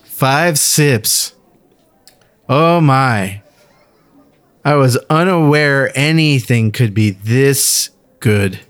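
A man's voice: medium pitch, very slow, pauses often, fairly bright tone, no room sound. A man putting on a mock Welsh accent as a drawling, dreamy whiskey taster in a comic tasting bit.

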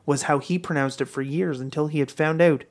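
A man's voice: a little high, steady tone, fairly quick. A man hosting a radio show in casual banter, wry and teasing, at a studio microphone. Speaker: radio host.

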